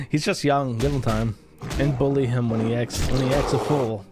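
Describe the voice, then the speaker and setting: A man's voice: medium pitch, steady tone, moderate pace, heavy background noise. An American man streaming live, reading viewer donations aloud with wry, offhand remarks. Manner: wry, offhand, chuckling asides. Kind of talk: casual live-stream chat.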